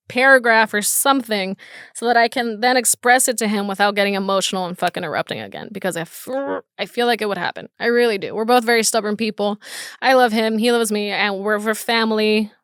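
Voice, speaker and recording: A woman's voice: medium pitch, fairly bright tone, smooth, dry recording, clean studio sound. Candid, swearing woman telling a story. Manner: candid, frequent swearing, many restarts. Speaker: podcast host. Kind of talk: casual personal storytelling.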